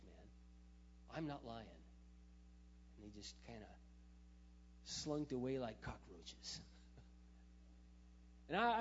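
A man, a pastor, preaching through a personal story, animated, with loud emphatic bursts and quiet asides. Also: mid-range voice. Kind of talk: sermon storytelling. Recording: dull sound in a reverberant hall, faint hum.

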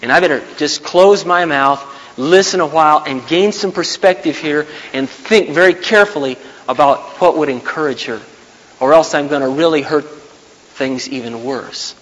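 A man's voice: fairly high pitch, normal speed, fairly bright tone. Earnest man preaching in echoing hall. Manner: earnest, emphatic, repeats key points. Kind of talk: sermon. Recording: long hall reverb.

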